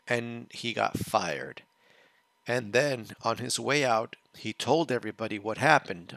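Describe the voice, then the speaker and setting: Guy with a low gravelly voice rambling thru a story, dry close sound. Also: a little slow, fairly bright tone, dry recording. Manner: rambling, restarts phrases as he explains. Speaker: watch-along reaction host. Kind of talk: casual storytelling chat.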